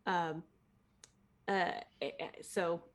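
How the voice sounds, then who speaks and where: A woman describes what her character does in a tabletop game. She talks casually and hesitantly, filling pauses with ums and restarts. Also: fairly low pitch, steady tone. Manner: hesitant, filler-heavy narration. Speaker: player.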